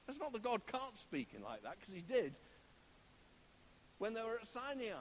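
A man preaching a sermon, telling a story with animated shifts and sometimes dropping to a hushed whisper. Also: very high voice, normal speed, a little hiss or hum.

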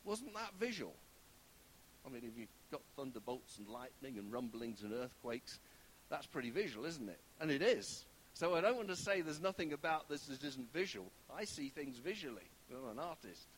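A man's voice: mid-range voice, a little hiss or hum, poor audio. A man preaching a sermon in a conversational way, often checking in with his listeners and stressing key words.

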